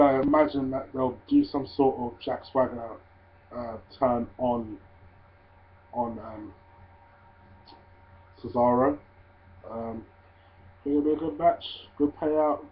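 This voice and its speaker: A man casually reviewing a wrestling show, swearing freely and ranting in loud disbelief. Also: mid-range voice. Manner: profane, ranting, gets loud and incredulous. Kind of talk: casual solo review vlog. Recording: tinny phone-like audio.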